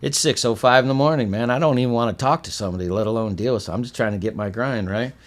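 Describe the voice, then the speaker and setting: A middle-aged man from Michigan, a podcast guest telling a story in a casual, animated way and acting out the quotes. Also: mid-range voice, rapid-fire. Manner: animated storyteller, acts out quotes with swings in loudness.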